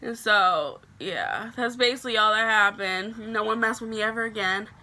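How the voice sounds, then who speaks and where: A young woman from Illinois telling a story to her camera in a chatty, animated way, full of "like" fillers. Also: mid-range voice, normal speed.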